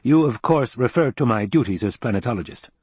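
A man's voice: mid-range voice, expressive, a little fast, darkish tone, breathy edge, dry recording. A man voicing Kynes, a curt, guarded planetologist. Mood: stiff, guarded. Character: stiff guarded male desert planetologist. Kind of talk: audiobook character reading.

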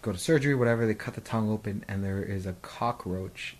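A man in his twenties co-hosts a casual podcast, telling long, rambling stories crammed with fillers and "like." His voice is lowish and he talks fast. The recording quality is low.

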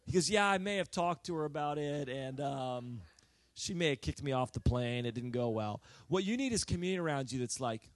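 A middle-aged male pastor preaching a sermon, telling a story with acted-out dialogue and building to loud, emphatic exhortation. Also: medium pitch, expressive, a little fast, no room sound.

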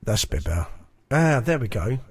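A man's voice: mid-range voice, sing-song, fairly quick, slightly rough, no echo. A man on a stream, muttering to himself and repeating words as he tunes his mic and EQ. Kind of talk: casual live-stream chat.

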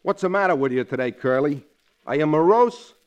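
A man's voice: on the high side, expressive, fairly quick, background noise, close to an everyday voice. An actor playing a cocky, wisecracking male sidekick in a 1940s radio comedy. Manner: cocky, needling, jokey. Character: wisecracking brash male sidekick, a loafing secretary. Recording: old radio broadcast.

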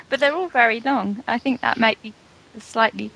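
A woman's voice: fairly high pitch, animated, measured pace, vocal fry, a bit bright, rough recording. Give me a giggly, self-deprecating woman guesting on a podcast. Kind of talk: casual chat.

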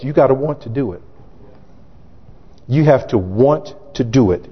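A man preaching a sermon as pastor, emphatic and sometimes shouting, acting out scripture in character voices. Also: medium pitch, expressive, a little slow, husky. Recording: dull lo-fi recording in echoey hall.

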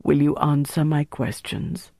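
A narrator voicing a calculating male officer who interrogates a prisoner in a calm, clipped, matter-of-fact way. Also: mid-range voice, measured pace, gravelly, dry recording, studio quality. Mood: cold, calm. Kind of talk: audiobook narration.

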